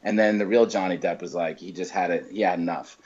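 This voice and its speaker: A male comedian telling stories in a casual chat, talking in quick bursts with lots of fillers and restarts. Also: low-pitched, lo-fi sound. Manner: animated storyteller, many fillers and restarts. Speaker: comedian guest.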